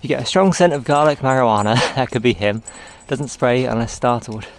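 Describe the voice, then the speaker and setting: A man talks into a handheld camera on an outdoor walk, rambling from one thought to the next and breaking off to coax his dog. His voice sits at an ordinary middle pitch. Steady outdoor noise runs under the whole recording. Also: brisk. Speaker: vlogger. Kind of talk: casual walking vlog.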